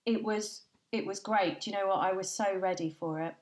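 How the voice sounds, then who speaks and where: A woman guest on a podcast, telling lively anecdotes in a chatty way and laughing often. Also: mid-range voice, a little fast, roomy sound. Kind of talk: chatty storytelling.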